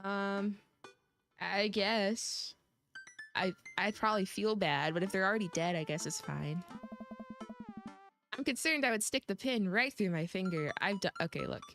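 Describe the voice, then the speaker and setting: A woman's voice: medium pitch, unhurried, long pauses, a bit bright. A young woman streaming a dating game, chatting casually, giggling and rambling with self-teasing asides. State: coughing. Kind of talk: casual let's-play chat. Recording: faint music behind.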